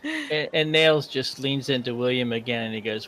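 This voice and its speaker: A man's voice: mid-range voice, moderate pace, a little hiss or hum. Laid-back man running a tabletop game. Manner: relaxed, laughing, hesitant fillers. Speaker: game master.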